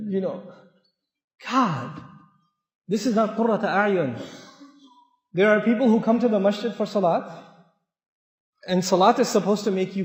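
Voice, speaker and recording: A man with a high voice preaches a lively sermon and acts out family quarrels in other voices. His words ring around a large, echoey mosque hall with a long reverb tail. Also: moderate pace, long pauses.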